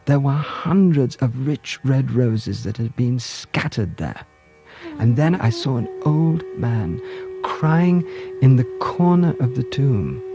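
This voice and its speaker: Man, storyteller, gentle, lyrical, unhurried, medium pitch, music underneath. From India. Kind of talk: storytelling narration.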